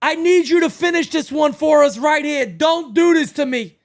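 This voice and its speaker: Calling the game for a live baseball watch-party stream, this man gets excitable and profane, often breaking into shouts. He talks at a moderate pace in a very high voice.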